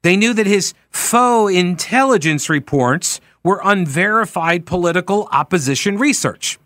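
A man with a fairly high voice delivers a political talk radio monologue. He is emphatic and conversational, and he corrects himself on air. The sound is dry and close, with no room around it. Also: a bit bright, no room sound. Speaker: radio talk show host.

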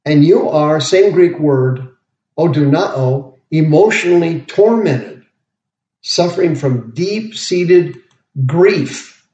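A man preaching a verse-by-verse sermon, slowly explaining each word as he goes. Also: fairly high pitch, warm tone. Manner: slow, deliberate, pauses to explain words. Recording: roomy, dull lo-fi podcast audio.

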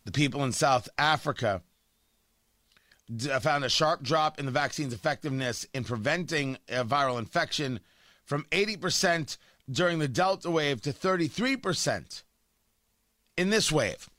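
Brash, bright-voiced talk radio host. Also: male voice, on the high side, expressive, normal speed, no echo, clean studio sound. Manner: brash, emphatic, joking asides. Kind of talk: opinionated talk radio monologue.

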